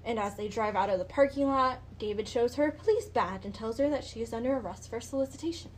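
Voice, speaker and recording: A woman's voice: on the high side, quick pace, a little hiss or hum, poor audio. A woman hosting a podcast, telling a true-crime story in a casual, chatty way, with swearing and lots of "like" and "um". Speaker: podcast host.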